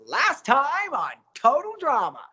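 A man putting on a brash, grinning male reality show host, projecting as if half yelling. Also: very high-pitched, wildly swooping pitch, slow pace, highs cut off, voice pushed up, heavily acted. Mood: beaming. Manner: projected, beaming, almost yelling.

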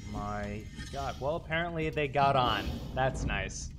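A man casually commenting while he streams a video game, excitable, swearing and talking to the game. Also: medium pitch, a little slow. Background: loud game music.

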